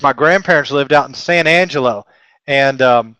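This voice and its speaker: Texas guy hosting a trading lesson, kinda high voice, rambly and jokey, makes fun of himself, dry sound. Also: moderate pace, fairly bright tone, dry recording. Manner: chatty, joking and self-deprecating, rambling asides. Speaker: trading webinar host. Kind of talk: live trading lesson, thinking aloud.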